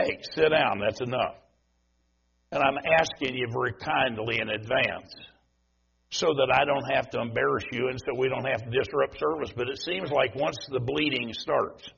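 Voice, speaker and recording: Gravelly, husky-voiced preacher man. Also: medium pitch, fairly bright tone, muffled recording. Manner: folksy preaching, direct appeals to the congregation. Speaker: visiting preacher. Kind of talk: sermon. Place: church service.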